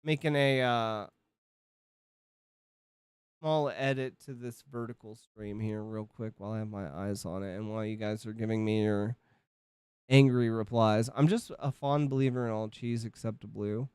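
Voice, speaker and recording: A man's voice: lowish voice, steady tone, moderate pace, a little mellow, smooth, no echo. A man in his thirties chatting casually on a livestream from his home setup, rambling, swearing and cutting himself off mid-thought. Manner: rambling, profane, self-interrupting. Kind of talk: casual stream chat.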